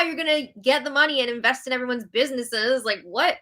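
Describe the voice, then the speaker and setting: A woman hosting a live reality-show recap, animated and exasperated as she reads out viewer comments. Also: high-pitched, fast. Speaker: host.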